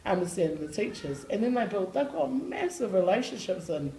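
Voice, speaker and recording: A woman's voice: medium pitch, big pitch swings, brisk, gravelly, warm tone, reverberant, slight background noise, low-quality recording. A woman who works with school students, answering interview questions in a blunt, slangy way and laughing often. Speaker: school staff member working with students.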